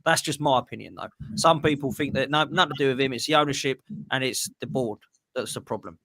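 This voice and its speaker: A man's voice: mid-range voice, bright, forceful tone, no room sound, studio quality. A man hosting a casual football livestream, brash and opinionated as he reads out viewer messages. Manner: brash, opinionated, rapid-fire. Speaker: show host reading viewer messages.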